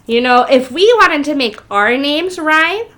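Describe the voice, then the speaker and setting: A woman preschool teacher reading a picture book aloud to little children. Her voice is high and very animated, rising and falling a lot. She speaks slowly, pauses to ask questions and spells names letter by letter.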